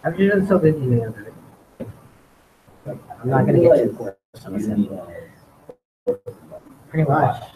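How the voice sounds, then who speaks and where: A man's voice: mid-range voice, very animated, normal speed, long pauses. A man teaching a coding bootcamp class, chatting casually and joking with students. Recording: noisy classroom audio.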